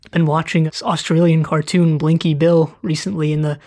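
A mid-pitched voice co-hosting a casual podcast. The speaker is chatty and loose, often trailing off and restarting sentences mid-thought. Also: little pitch movement, a little fast, a little mellow. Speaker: podcast co-host.

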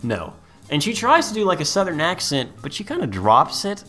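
A man's voice: a little high, huge pitch swings, sharp tone, faint music behind. Joking man riffing on a podcast. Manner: joking, riffing, quick asides. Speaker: podcast co-host. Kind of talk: casual comedic chat.

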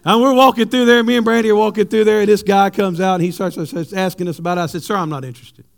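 A pastor preaching to his congregation in a notably high voice. He tells animated, humorous stories and then moves into reading scripture. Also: quick pace, vocal fry, clean tone. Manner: animated storytelling, jokes with the congregation.

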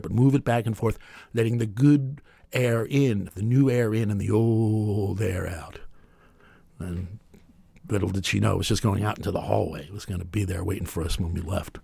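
A man in his fifties telling a rambling, deadpan personal story with wry humor. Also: fairly low pitch, creaky, slightly rough, no room sound.

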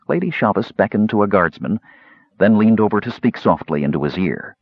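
A man's voice: fairly low pitch, brisk, slightly rough, dry recording, dull audio. A man narrating a fantasy audiobook expressively, shifting his delivery for each character. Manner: expressive, changing voices for characters.

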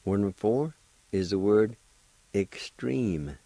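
A man's voice: fairly low pitch, lively intonation, vocal fry, mellow, no room sound, poor audio. A man teaching a radio language lesson, patiently repeating each word and spelling it out letter by letter. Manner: deliberate, spells words out letter by letter.

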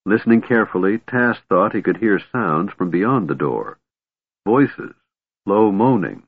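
A man reads a fantasy story in a measured, steady way, his low voice somewhat husky. The recording is dry and closely miked, with a thin, phone-like band that cuts the lows and highs. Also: no echo. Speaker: audiobook narrator. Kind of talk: scripted fantasy narration. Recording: tinny narrow-band recording.

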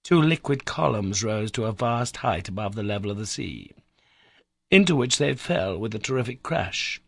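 A man narrating an old adventure novel in a measured, suspenseful reading. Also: fairly low pitch, lively intonation, vocal fry, fairly bright tone, husky, no echo, studio quality. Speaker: audiobook narrator. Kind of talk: dramatic storybook narration.

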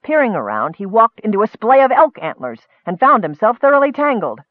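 A man narrating a comic fantasy story in a lively storytelling manner. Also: high-pitched, a little fast, dry recording, phone-quality sound. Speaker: audiobook narrator. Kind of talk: scripted narration.

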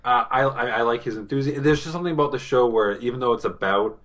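A man with a Boston accent co-hosting a casual TV review podcast, talking in a halting way with many fillers and restarts. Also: mid-range voice, a bit bright. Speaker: podcast co-host.

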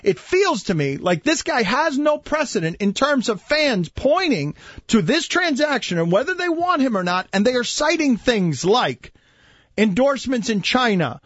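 Animated high-voiced sports radio host. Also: male voice, normal speed, no room sound. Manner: emphatic, questioning, restarts mid-thought. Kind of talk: sports talk radio debate. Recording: dull dry studio sound.

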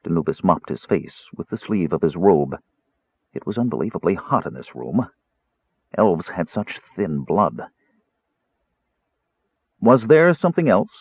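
A man reads fantasy fiction aloud in a low, husky voice with a lively, animated delivery. The sound is dry and tinny, like audio heard through a phone. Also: moderate pace, no echo. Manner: expressive, voices characters. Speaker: audiobook narrator. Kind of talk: scripted fantasy narration.

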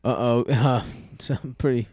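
A man's voice: medium pitch, steady tone, measured pace, a little mellow, a little hiss or hum. Crude, eager man firing off questions. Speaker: podcast co-host. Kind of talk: casual comedy banter.

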